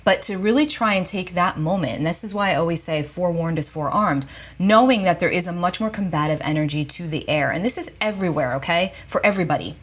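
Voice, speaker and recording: A woman astrologer talking casually to her viewers with gentle, reassuring advice, often checking in with "okay?". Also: on the low side, fast talker. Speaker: astrologer and psychic. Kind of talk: casual spiritual advice talk to camera.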